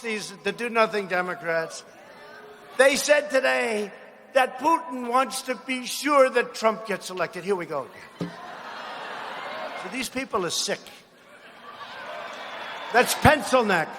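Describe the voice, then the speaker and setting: Man at a rally, high bright voice, mocking, repeats himself, long arena reverb. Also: lively intonation, a little slow, pauses often, a little hiss or hum. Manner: mocking, repetitive, shouts lines to the crowd. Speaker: political speaker at a rally. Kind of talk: rally speech. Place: large arena.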